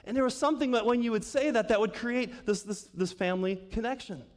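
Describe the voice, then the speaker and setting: Pastor, male, high voice, easygoing sermon delivery with questions to the congregation, church hall with long reverb. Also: quick pace. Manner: conversational, asks the congregation questions, laughs often. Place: church sanctuary.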